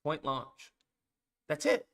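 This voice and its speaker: Male streamer host, animated casual rant, cursing and hammering points, tense bright tone. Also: takes it slowly. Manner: emphatic, repetitive, swears often.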